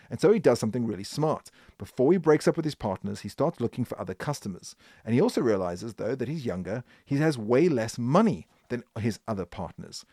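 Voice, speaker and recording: A man hosting a podcast, telling a business history story in an animated, emphatic way. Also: medium pitch, quick pace, dry recording, clean studio sound. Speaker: podcast host.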